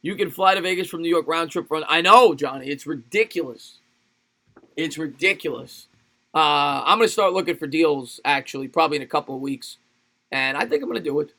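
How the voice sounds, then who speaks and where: Male stream host, excitable play-by-play, forceful bright tone, loose chatter between plays. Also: fairly high pitch, a little fast. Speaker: livestream sports host. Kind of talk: live play-by-play and chat with viewers.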